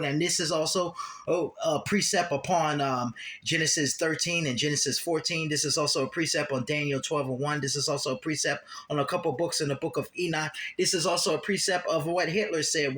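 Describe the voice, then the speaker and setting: A man's voice: on the high side, fairly bright tone. Fiery man preaching scripture commentary. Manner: fiery, repetitive, emphatic lists. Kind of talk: heated scripture commentary monologue.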